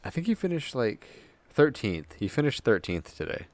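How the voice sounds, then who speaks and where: A young man co-hosting a casual racing podcast chat, tired from little sleep, relaxed and swearing freely. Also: medium pitch, moderate pace, no echo. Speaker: podcast co-host.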